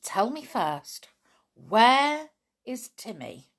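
A storybook girl, frantic and urgent, her questions pitched high and breathless, as a woman reader puts her on. The voice swings widely and carries a husky grain. It belongs to an audiobook told at an unhurried pace. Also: big pitch swings, heavily acted. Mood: anxious. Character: urgent anxious young girl, tomboy. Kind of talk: audiobook reading.

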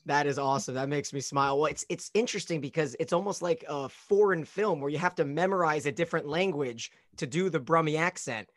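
A male host with a fairly high voice leads the interview with enthusiasm and warm praise for his guest. His voice sounds dry and close, with no room echo. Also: brisk, hardly any pauses. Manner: enthusiastic, complimentary. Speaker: podcast host. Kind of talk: casual interview.

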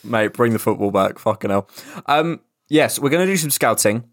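A man's voice: medium pitch, lively intonation, moderate pace, no room sound, clean studio sound. A young man co-hosting a casual podcast, chatty and rambling, swearing casually. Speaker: podcast co-host. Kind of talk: casual chat.

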